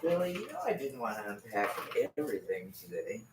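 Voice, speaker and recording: Male guest, mid-pitched voice, slow and halting, with faint noise behind. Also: wildly swooping pitch, low-quality recording. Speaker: guest on live stream. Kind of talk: casual chat.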